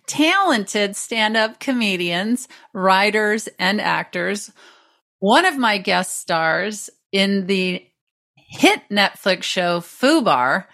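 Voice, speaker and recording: A middle-aged woman hosting a podcast, talking in a dry, deadpan way. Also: mid-range voice, takes it slowly. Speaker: podcast host. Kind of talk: casual chat.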